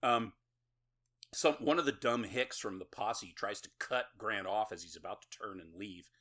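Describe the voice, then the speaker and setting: A man hosting a podcast, casually retelling a horror movie with laughs, swearing and quick quoted lines. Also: fairly low pitch, fairly bright tone. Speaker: podcast host. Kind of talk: casual movie recap chat.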